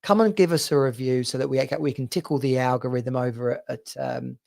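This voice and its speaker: A man's voice: medium pitch, steady tone, brisk, creaky, darkish tone. A man speaking in a middle-range voice, coaching his listeners through a motivational podcast monologue. His delivery is earnest and direct, and he speaks straight to them as a men's coach would.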